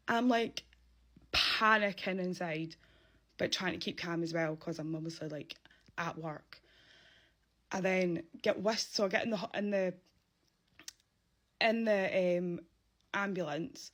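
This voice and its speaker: A young woman tells a story in a chatty vlog style, full of "like" and quick asides. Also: lowish voice, fairly bright tone. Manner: chatty, filler-heavy storytelling with lots of "like". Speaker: vlogger.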